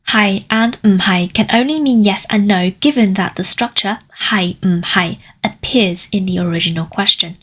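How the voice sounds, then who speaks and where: A woman language teacher giving a scripted lesson, explaining grammar clearly and slowing down to sound out example phrases. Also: mid-range voice, fairly bright tone. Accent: Cantonese. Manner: clear, careful explanations with slowed Cantonese examples.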